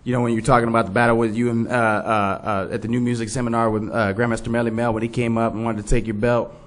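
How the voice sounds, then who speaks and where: A man's voice: medium pitch, flat delivery, quick pace. A male host of a live web show talking casually and swearing freely, his voice stuffed up from a head cold with fever. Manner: laid-back, loose, swears freely.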